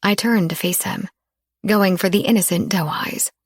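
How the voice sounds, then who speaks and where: A woman narrating a first-person romance audiobook in a soft, intimate storytelling manner. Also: mid-range voice, moderate pace, slightly rough, dry recording, clean studio sound.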